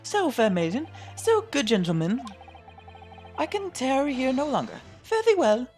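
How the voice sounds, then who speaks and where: A man's voice: extremely high pitch, wildly swooping pitch, moderate pace, a little mellow, voice pushed up, heavily acted. A man voicing a theatrical male lodger in a game who speaks in archaic, declaiming verse. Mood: grandiose. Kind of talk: fan voice-over of a game. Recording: faint music behind.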